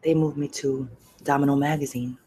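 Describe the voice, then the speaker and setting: A middle-aged woman hosting a podcast, telling a personal story candidly and emotionally, often sinking to a soft, breathy near-whisper. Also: extremely low pitch, fairly even intonation, fairly quick, poor audio. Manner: repeats phrases for emphasis, swears freely. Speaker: podcast host.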